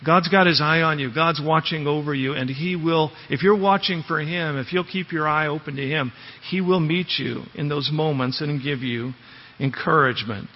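A man preaching in a church sanctuary, his husky voice sitting a touch high for a man. He talks through the passage plainly and keeps asking the congregation questions. The sound is dull and lo-fi, with a long hall reverb trailing each phrase. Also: moderate pace. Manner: conversational, asks the congregation rhetorical questions. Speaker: pastor. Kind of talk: expository sermon.

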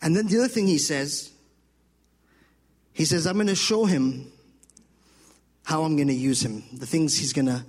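High-voiced husky preacher in a church hall. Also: male voice, normal speed, pauses often. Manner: animated preaching, acts out voices of children and God. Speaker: pastor. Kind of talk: sermon.

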